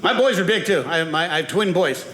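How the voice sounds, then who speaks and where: A man's voice: a little high, lively intonation, fast talker, a little hiss or hum. A male stand-up comedian telling stories to a live audience and acting out the voices in them. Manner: acts out voices in his stories. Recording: echoey venue with loud audience laughter.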